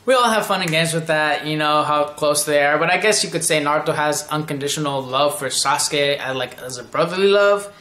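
A man's voice: on the high side, brisk, few pauses, bright, forceful tone, reverberant. A man giving a casual, rambling anime episode review, often acting out characters' lines.

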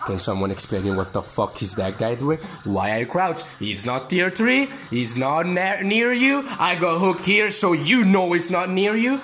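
A man giving excitable, swearing commentary over a horror game. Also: on the high side, moderate pace, roomy sound, a little hiss or hum. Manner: excitable, swearing, yelps and laughs. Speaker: gaming streamer. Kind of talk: casual gameplay commentary.

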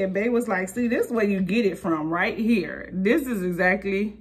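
A woman, chatting casually as a vlogger in an animated, storytelling way. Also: medium pitch, normal speed, slightly rough, no room sound. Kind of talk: casual vlog chat. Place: outdoors at a bus stop, vehicles passing.

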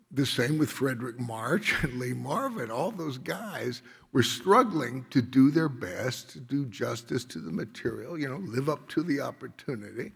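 A man's voice: mid-range voice, fairly bright tone. An older man giving an award acceptance speech on stage, telling a story in a laid-back, rambling way with many casual filler phrases. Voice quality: gravelly and husky. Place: large concert hall. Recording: long hall reverb.

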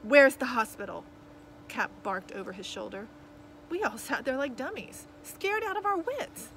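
A woman reading a children's novel aloud in lively, expressive first-person storytelling. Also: sits high, moderate pace, slight background noise, poor audio. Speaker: audiobook reader.

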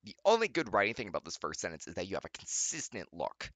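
A man's voice: low voice, wildly swooping pitch, fast, a bit bright, no room sound. A young man, the channel's host, reading fanfiction aloud with sarcastic, exasperated commentary and mocking rants at his computer. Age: young adult.

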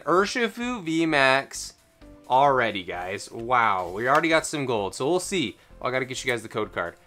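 Excitable host with a lively, bouncing voice. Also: medium pitch. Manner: excitable, gasping exclamations, breaks into fast counting. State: voice strained from excitement. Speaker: card-opening channel host. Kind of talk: excited unboxing commentary.

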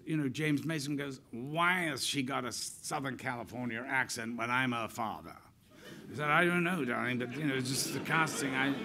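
Older man, gravelly bright storyteller. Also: on the high side. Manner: lively, irreverent storyteller, acts out quotes. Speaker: actor telling stories. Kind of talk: on-stage interview anecdote.

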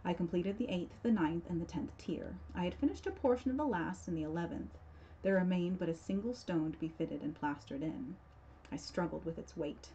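A woman on the library staff giving a measured, theatrical reading of a horror tale. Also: lowish voice, dark tone, a little hiss or hum. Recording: dull lo-fi recording.

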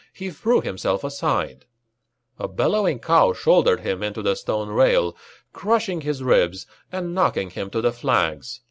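A man reading a dark fantasy battle scene aloud as an audiobook narrator, in a dramatic storytelling manner. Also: dry recording. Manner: dramatic reading, raising pitch for shouted lines. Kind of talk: scripted narration.

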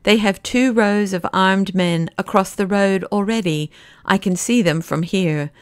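A man's voice: sits high, measured pace, smooth, no echo. A woman voicing a placid, cynical pessimist. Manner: calm, dry and sardonic.

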